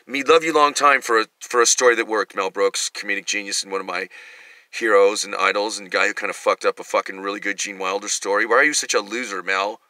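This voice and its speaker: A man's voice: fairly low pitch, steady tone, quick pace, bright, forceful tone, no echo. A middle-aged male comedian giving a rambling, profane, self-mocking monologue.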